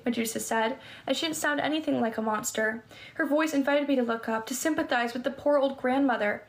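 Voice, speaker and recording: A woman's voice: on the high side, fairly quick. Woman reading a novel aloud, stumbling. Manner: stumbles and restarts words while reading. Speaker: reader.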